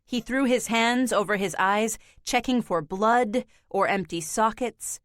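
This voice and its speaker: A woman reads an audiobook aloud at an unhurried, deliberate pace, her voice sitting slightly high. The recording is dry and close, with no room sound around her. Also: fairly bright tone, dry recording. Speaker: audiobook narrator. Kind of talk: scripted narration.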